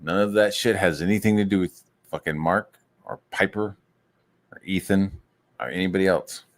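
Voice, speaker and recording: Male streamer on an angry, profane rant; lowish voice, mocks rivals in falsetto. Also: normal speed. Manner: angry, swearing, mocks others in high put-on voices. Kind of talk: profane ranting monologue.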